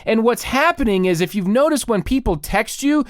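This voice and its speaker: Animated ranting podcast man. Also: very high-pitched, normal speed, no room sound, studio quality. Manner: exaggerated, animated ranting with mock panic. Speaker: podcast host. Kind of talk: comic rant.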